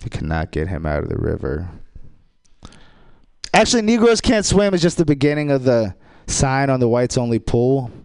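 A man performing a rambling stand-up routine on a radio show, telling dark, crude jokes in an offhand way. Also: mid-range voice, big pitch swings, moderate pace, long pauses, smooth, no echo. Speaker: stand-up comedian.

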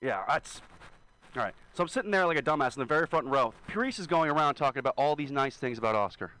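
A man's voice: medium pitch, lively intonation, quick pace, pushed and bright, poor audio. A man in his twenties doing a rambling, self-deprecating stand-up set while hungover. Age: 20s. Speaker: stand-up comedian. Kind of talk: stand-up set at an open mic.

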